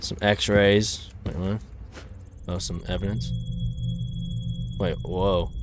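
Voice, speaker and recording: A man commenting on a horror game playthrough, jumpy and swearing, shouting when startled. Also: low-pitched, steady tone, slow pace, background noise. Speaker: gaming video host.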